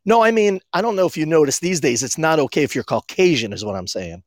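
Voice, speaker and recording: Man from Maine, casual podcast chat, rambling anecdotes, fairly high voice, dry close sound. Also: lively intonation, fast talker, dry recording. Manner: rambling storyteller, acts out quotes. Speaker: podcast co-host.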